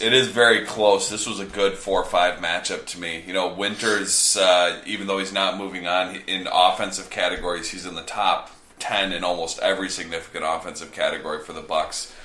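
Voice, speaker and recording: A man's voice: low voice, fairly even intonation, fairly quick, hardly any pauses, sharp tone, reverberant. A man co-hosting a sports podcast, chatting casually and easygoing as he rattles off team statistics. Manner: stat-heavy, easygoing, chuckling. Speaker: podcast co-host.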